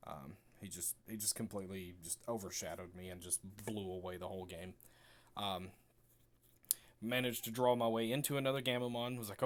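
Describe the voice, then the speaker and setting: A man's voice: fairly low pitch, fairly quick. Laid-back man recapping a card game. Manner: relaxed and chatty, acting out both players' remarks. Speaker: card game video creator. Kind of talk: casual match recap commentary.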